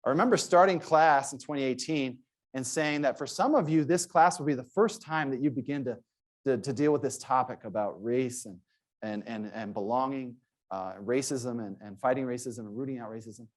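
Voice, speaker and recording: A man's voice: medium pitch, normal speed. A man, a sociology professor, giving an earnest conference presentation and telling stories, with frequent restarts.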